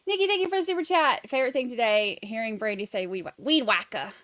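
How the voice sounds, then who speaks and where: A young Southern woman hosts a casual livestream, rambling through her thoughts and reading out viewer comments. Her voice sits fairly high and comes across dry and close, with no room echo at all. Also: very animated, fast talker, fairly bright tone. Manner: chatty, reads viewer comments aloud, rambling. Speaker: livestream host.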